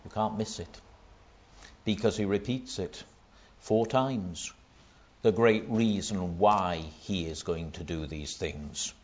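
A man preaching a sermon, building to loud emphatic stresses on key words. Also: sits low, takes it slowly, highs cut off, slight background noise.

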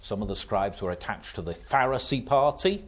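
A man's voice: fairly low pitch, animated, moderate pace, fairly bright tone. A man preaching a sermon, explaining patiently and asking rhetorical questions. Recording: dull lo-fi recording.

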